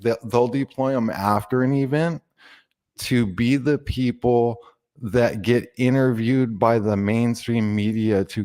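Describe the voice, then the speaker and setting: A man's voice: medium pitch, a little mellow. A man on a podcast, earnestly explaining at length. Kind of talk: casual podcast chat.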